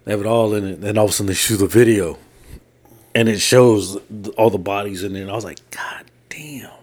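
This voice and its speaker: A man's voice: lowish voice, fairly even intonation, fast, a little mellow. A man co-hosting a casual podcast, retelling a story at length and quoting people in his own voice. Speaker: podcast co-host. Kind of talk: casual chat.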